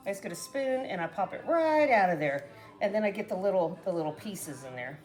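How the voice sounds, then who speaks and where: A woman's voice: medium pitch, big pitch swings, brisk, darkish tone. A middle-aged woman chatting casually to her viewers while making a salad, rambling and often trailing off mid-sentence. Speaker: cooking vlogger. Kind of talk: casual cooking chat to camera.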